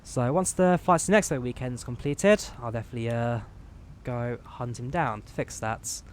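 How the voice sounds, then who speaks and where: A man from the UK giving relaxed, chatty commentary while flying a flight simulator, explaining each menu as he clicks through it on a headset mic. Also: mid-range voice, moderate pace, a little hiss or hum. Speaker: flight sim streamer. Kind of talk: casual gameplay commentary.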